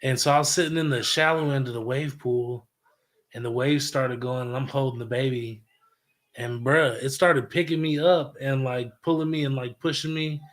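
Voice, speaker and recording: A man's voice: mid-range voice, steady tone, normal speed. A man in his thirties, a father of young kids, telling crude, joking stories in casual podcast chat. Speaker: podcast co-host.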